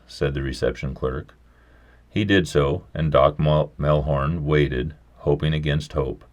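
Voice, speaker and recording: A man narrating a short story aloud in a steady, measured storytelling voice. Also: very deep voice.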